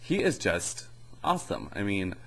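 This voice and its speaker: A man's voice: low voice, wildly swooping pitch, measured pace, creaky, a bit bright, slight background noise, poor audio. A young man giving a rambling, sarcastic comedy review in casual chat. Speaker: video reviewer.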